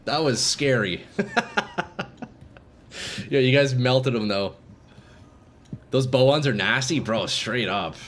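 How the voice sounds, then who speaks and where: A man streaming live gameplay, commenting casually to his viewers and swinging from calm explanation to excited shouting. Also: mid-range voice, a little slow, slight background noise. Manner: casual, profane, addresses chat as boys.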